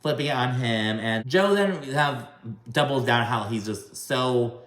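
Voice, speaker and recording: A man's voice: mid-range voice, unhurried, a bit bright, reverberant. A man giving a casual, chatty video recap of a reality show, gossipy and full of swearing.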